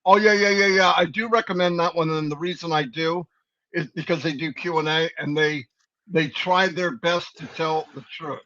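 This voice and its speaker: A man's voice: on the high side, fairly even intonation, moderate pace, pushed and bright. A man co-hosting a live company stream, giving rambling, folksy, preachy advice in a casual pep talk. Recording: dull lo-fi stream audio.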